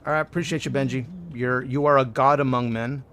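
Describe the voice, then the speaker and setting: A man streams a game, playfully chatting with its characters in casual commentary and erupting in loud bursts of excitement. His voice is medium-pitched and a little fast, with a slight hiss or hum.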